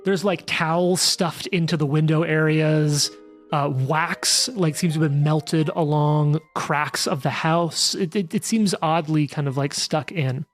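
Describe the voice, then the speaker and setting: Game master, male, loose rambling narration, quick asides, faint music under. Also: on the high side, fairly even intonation. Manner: rambling, filler-heavy, bursts of fast asides.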